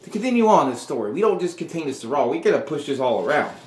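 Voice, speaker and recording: A man hosts a video and tells a story in a loose, rambling way. His delivery is casual and animated. A roomy echo sits on the voice. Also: a little high, fast. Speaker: video host. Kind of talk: casual fantasy-booking storytelling.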